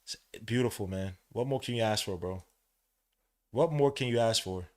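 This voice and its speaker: Excitable man calling a game casually. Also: on the low side, moderate pace. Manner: swings from quiet play-by-play to loud excited outbursts; casual slang, talks to the listener like a friend. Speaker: podcast host calling a game. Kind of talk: live watch-along play-by-play.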